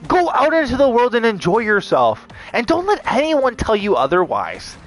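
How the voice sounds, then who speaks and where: A man's voice: very high-pitched, huge pitch swings, normal speed, faint music behind. Heated, foul-mouthed man ranting. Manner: heated, swearing, heavy use of "like". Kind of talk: profane unscripted rant to camera.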